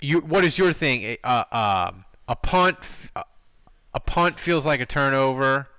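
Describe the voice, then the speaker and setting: Male podcast host, animated delivery, clear crisp tone, dry close sound. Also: mid-range voice, measured pace, no echo, low-quality recording. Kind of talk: casual sports podcast chat.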